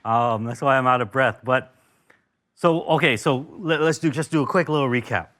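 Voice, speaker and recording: Enthusiastic American chef, casual. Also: male voice, medium pitch, normal speed, fairly bright tone. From Los Angeles, United States. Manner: enthusiastic, talkative, many asides. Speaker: chef teaching cooking. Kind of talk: casual cooking lesson. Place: kitchen with grill.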